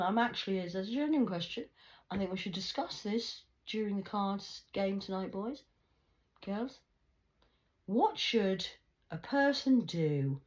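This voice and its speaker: Low-voiced woman ranting. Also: darkish tone. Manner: rambling, profane, rhetorical questions. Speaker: vlogger. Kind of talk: rambling monologue to viewers.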